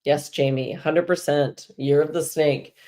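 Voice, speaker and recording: A woman's voice: low voice, steady tone, unhurried, dark tone. A woman hosting a live spiritual energy show, talking casually and chattily to viewers and laughing often.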